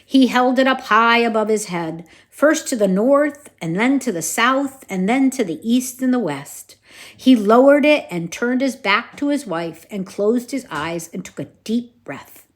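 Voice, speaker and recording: A woman reading a children's storybook aloud to her kids in an expressive way. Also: fairly high pitch, a little slow.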